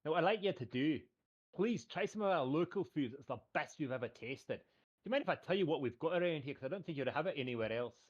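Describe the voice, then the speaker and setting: A male game master plays a beaming festival chef who waddles up to guests. He talks in a put-on twangy drawl, pitched well above his natural voice, and rushes to praise the local food. The audio is dull and lo-fi. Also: animated. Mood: eager welcome. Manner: eager, welcoming salesman patter.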